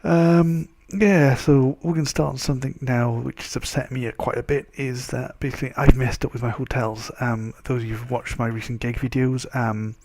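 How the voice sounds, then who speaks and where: A Welsh man talks to his camera in a casual, rambling vlog. His voice is congested and stuffy from a cold, and his pitch sits in an ordinary middle range. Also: fairly even intonation, a little fast, few pauses, darkish tone, slight background noise. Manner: rambling, loose and chatty. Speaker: vlogger. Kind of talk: casual chat.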